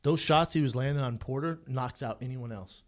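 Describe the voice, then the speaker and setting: Man, middle pitch, casual podcast co-host, blunt, swears a lot. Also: brisk. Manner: blunt and profane, with frequent fillers.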